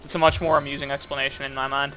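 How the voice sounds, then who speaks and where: A man's voice: medium pitch, level tone, racing, music in the background. A man chatting casually while playing a co-op game, rambling playfully with lots of fillers. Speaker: co-op gameplay commentator. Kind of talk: casual gaming chat.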